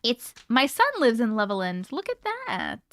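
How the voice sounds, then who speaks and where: Bright-voiced woman in her thirties, chatty. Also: a little high, huge pitch swings, normal speed, no echo. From Colorado. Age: 30s. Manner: chatty, giggly, reads viewer comments aloud. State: sleepy, yawning. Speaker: live-stream host. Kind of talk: casual livestream chat.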